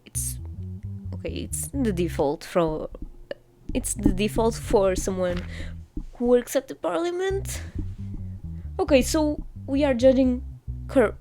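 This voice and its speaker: A woman's voice: fairly high pitch, slow pace, pauses often, mellow, faint music behind. A woman giving playful, exclamatory commentary while playing a courtroom game and reading on-screen text aloud. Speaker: gamer. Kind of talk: casual gameplay commentary.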